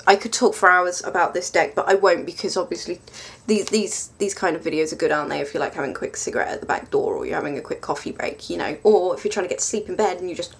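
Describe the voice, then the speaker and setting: A woman's voice: on the low side, lively intonation, fast, vocal fry, hardly any pauses, slightly rough. A woman chatting casually through a tarot deck review, rambling and self-mocking with lots of ums.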